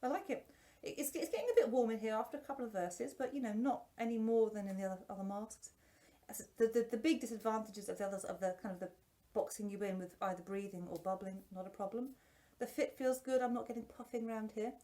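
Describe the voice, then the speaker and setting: A woman's voice: on the high side, fast talker, hardly any pauses, dark tone. A woman and singing teacher chatting through a face mask, self-deprecating and full of restarts, her voice a little muffled. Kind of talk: casual product review.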